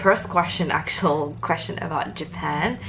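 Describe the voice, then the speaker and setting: A young woman from Morocco, an exchange student, chatting casually and excitedly to the camera with lots of fillers. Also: deep voice, unhurried, vocal fry, noisy background. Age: young adult.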